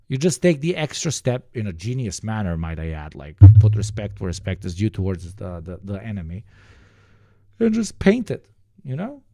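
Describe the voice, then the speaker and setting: Man, Turkish accent, livestream rant, profane, lively pitch, dry close sound. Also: dry recording. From Turkey. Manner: profane, emphatic, many fillers and restarts. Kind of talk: casual ranting commentary.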